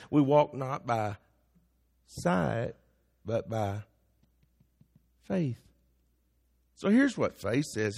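A man preaching a sermon as pastor, building to emphatic peaks. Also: fairly high pitch. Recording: long hall reverb.

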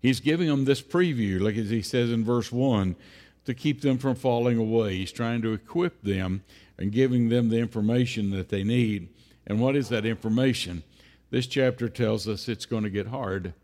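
A man preaching a sermon in a church, unhurried, repeating phrases and often pausing on "uh". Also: mid-range voice, darkish tone. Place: church sanctuary. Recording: long church-hall reverb.

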